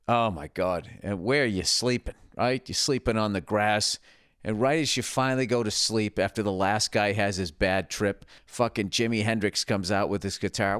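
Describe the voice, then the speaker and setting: A man's voice: lowish voice, clean tone, no echo, studio quality. A middle-aged man hosting a podcast, delivering a profane, digressive, self-mocking comedic monologue. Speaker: podcast host. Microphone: podcast studio mic.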